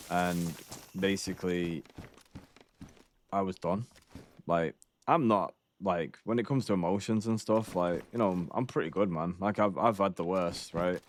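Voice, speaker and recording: Male streamer, thirties, deep low voice, rambling sweary anecdotes, laid-back. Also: slight background noise. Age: 30s. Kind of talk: casual chat while gaming.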